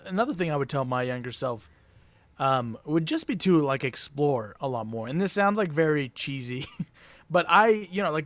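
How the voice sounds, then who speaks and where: A man's voice: a little high, dry recording. A young man in casual podcast chat, rambling with many fillers and frequent laughs.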